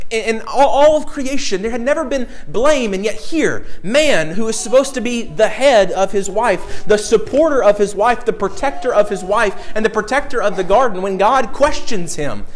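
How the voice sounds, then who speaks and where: A man's voice: fairly high pitch, animated, moderate pace, a little hiss or hum. A middle-aged man preaching a sermon, earnest, asking his listeners direct questions and repeating key words.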